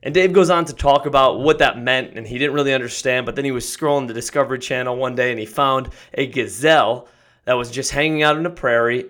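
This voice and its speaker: A man hosting a podcast, giving an energetic, emphatic motivational talk that builds to excited shouts. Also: medium pitch. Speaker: podcast host.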